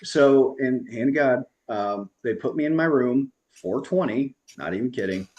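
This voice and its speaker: A man at a mid pitch telling comic road stories in a loose, chatty way. He talks over a video call and often laughs at his own punchlines. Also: expressive, moderate pace, darkish tone, muffled recording. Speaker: stand-up comedian. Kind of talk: stand-up storytelling on a video call.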